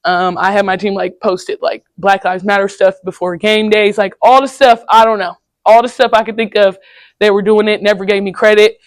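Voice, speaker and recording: A young woman giving a candid, casual personal talk to high school students in a classroom, telling stories in slangy everyday speech. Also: fairly even intonation, normal speed, no room sound. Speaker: guest speaker at a high school.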